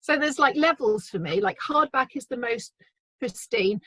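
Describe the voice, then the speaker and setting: A woman's voice: sits high, animated, normal speed, bright, forceful tone, no echo, poor audio. A woman, a crime writer, chatting earnestly on an online panel with lots of "like". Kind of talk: casual online panel chat. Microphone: video call.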